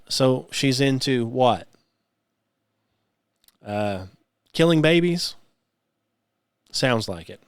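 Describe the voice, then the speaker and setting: A man's voice: mid-range voice, clear, resonant tone, no room sound, studio quality. A man hosting a solo podcast, speaking, mocking and sarcastic, full of rhetorical questions. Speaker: podcast host.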